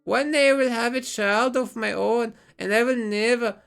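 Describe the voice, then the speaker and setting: A sobbing, whining man-child lost in a store, begging for his mother in a pitched-up, wailing voice, as a streamer does an impression. His pleas swing between slow, drawn-out cries and sudden outbursts. Faint music sits in the background. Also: creaky, a bit bright, clean tone. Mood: whiny pleading. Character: whiny man-child lost in a supermarket, crying for mommy.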